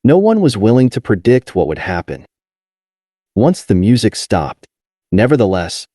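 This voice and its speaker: A man reading a nonfiction history audiobook in a measured, steady way, with deliberate pauses. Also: on the low side, dry recording, studio quality. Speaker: audiobook narrator. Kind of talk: scripted nonfiction narration.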